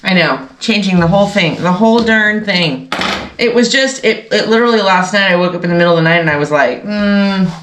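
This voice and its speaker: A woman's voice: fairly low pitch, quick pace, fairly bright tone, slight background noise. A woman hosting a casual sewing vlog, chatting to viewers in a rambling way, often correcting herself, and sounding congested. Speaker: sewing channel host. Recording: echoey room.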